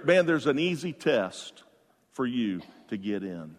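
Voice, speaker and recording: A man preaching a sermon, telling stories with bursts of loud emphasis and quiet asides. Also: on the high side, expressive, normal speed. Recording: long reverb of a large hall.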